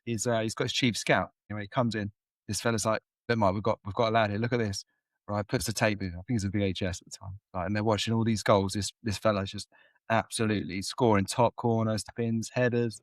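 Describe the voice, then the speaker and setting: A man's voice: fairly low pitch, no room sound, clean studio sound. A man co-hosting a casual podcast, rambling through comedy stories and acting out quotes, laughing often. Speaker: podcast co-host. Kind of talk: casual chat, retelling comedy scenes.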